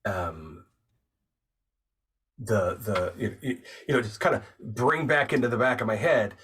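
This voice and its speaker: A man who works as a voice actor and narrator, a guest on the show, calmly and thoughtfully explaining his craft step by step in casual conversation. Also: fairly low pitch, a little slow, recorded from a distance, slight background noise. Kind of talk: casual interview chat.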